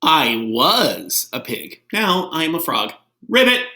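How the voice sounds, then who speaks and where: A man voicing a silly young female pig in a storybook who insists she is a frog, speaking high and excited. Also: slow, heavily acted. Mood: playful.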